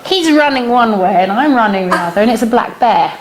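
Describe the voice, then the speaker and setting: Before a small audience in a workshop room, a middle-aged animal communication teacher briskly tells a personal anecdote, laughing plenty and hitting sudden high-pitched punchlines. The background is noisy.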